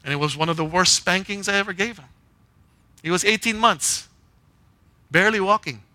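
A man delivers a conversational sermon in a fairly high, sharply bright voice. He speaks in short, punchy phrases, often turning to the congregation with "right?" and "okay?" to keep them with him. The sound is close and dry, with no room echo. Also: normal speed. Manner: checks in with listeners, often asking "right?" and "okay?". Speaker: pastor. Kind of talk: conversational sermon with a personal story.

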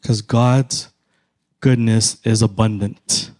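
A middle-aged man with a Filipino accent, preaching a sermon in a measured, emphatic way with repeated phrases. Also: fairly low pitch, steady tone, darkish tone. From Philippines. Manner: slow, measured, emphatic repetition.

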